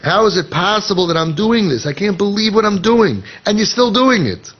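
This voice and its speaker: A man giving an animated Torah lecture in English, mixing in Hebrew and Yiddish phrases and acting out people's inner voices. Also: sits high, normal speed. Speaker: rabbi. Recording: dull lo-fi podcast audio.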